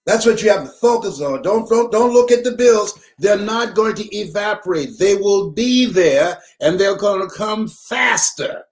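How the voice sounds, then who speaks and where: Animated older man telling stories slowly. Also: high voice. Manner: preacher-like storyteller, repeats words, laughs loudly, shouts punchlines. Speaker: motivational speaker. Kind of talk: live motivational talk with storytelling.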